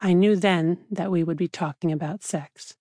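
A woman, a psychiatrist, reading her own memoir aloud in a measured, reflective way. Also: on the low side, warm tone, no echo, studio quality. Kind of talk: audiobook narration.

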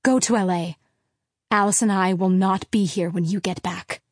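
Brief: woman reader voicing an angry mother, loud, emphatic, dry booth sound. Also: medium pitch, steady tone, moderate pace, dry recording, close to an everyday voice. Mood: cold calm. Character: mother, fed-up wife, angry and tearful. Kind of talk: audiobook character reading.

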